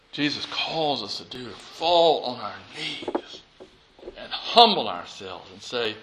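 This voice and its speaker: A man preaching a sermon as pastor, swinging from loud and urgent to hushed and pleading as he acts out prayers. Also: fairly high pitch, animated, unhurried, slight background noise.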